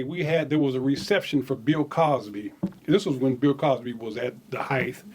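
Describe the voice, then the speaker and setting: A man casually telling stories from his own life, animated, chuckling and repeating words as he goes. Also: medium pitch. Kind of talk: casual spoken memoir storytelling.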